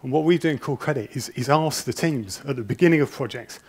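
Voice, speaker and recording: A man's voice: mid-range voice, fast talker, slightly rough. A middle-aged man speaking at a conference, a nervous, chatty storyteller who jokes at his own expense, on a wireless presenter mic. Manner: nervous, chatty storyteller with self-deprecating humour. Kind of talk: conference talk. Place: conference hall. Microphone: wireless presenter mic with a body pack.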